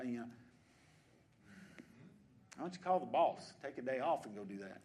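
A man, preaching a sermon as pastor of a church, shifting between quiet conversational asides and loud exhortations. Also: mid-range voice, expressive, normal speed, pauses often, a little hiss or hum. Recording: congregation answering in the background. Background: congregation responding.

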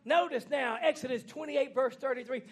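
High-pitched fiery male preacher. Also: moderate pace, husky. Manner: folksy, plainspoken, swings from hushed to shouting. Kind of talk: fiery Pentecostal-style sermon. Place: church.

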